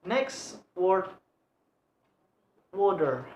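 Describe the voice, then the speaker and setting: A young woman with an Indonesian accent, a student presenting a lesson on English word stress, halting and repeating example words over and over. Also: lowish voice, big pitch swings, darkish tone, a little hiss or hum. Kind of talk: slow read-aloud lesson on word stress. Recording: echoey room.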